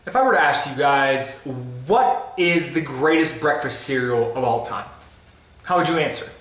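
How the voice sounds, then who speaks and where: A man's voice: mid-range voice, animated, moderate pace, music in the background. A man giving an upbeat, playful food review in a casual vlog, tasting as he talks. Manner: tasting ice cream while talking. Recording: roomy echo.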